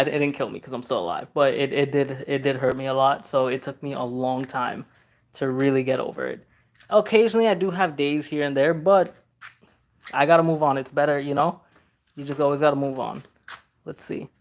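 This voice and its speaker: Chatty Trinidad-born man answering viewers. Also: medium pitch. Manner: chatty and easygoing, reads viewer questions aloud, laughs often. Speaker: car customizing channel host. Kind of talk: casual livestream chat answering viewer comments.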